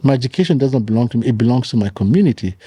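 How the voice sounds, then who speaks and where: A man's voice: medium pitch, lively intonation, racing, dark tone, husky, no echo. A man, a pastor and author telling stories as a podcast guest and repeating key phrases for emphasis. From Kenya. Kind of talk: conversational storytelling.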